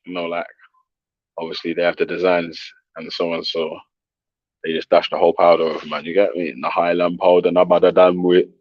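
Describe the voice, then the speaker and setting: A man's voice: low voice, level tone, fairly quick, no echo, dull audio. A man hosting a casual livestream in slang, laughing and talking to his chat and callers. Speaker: livestream host.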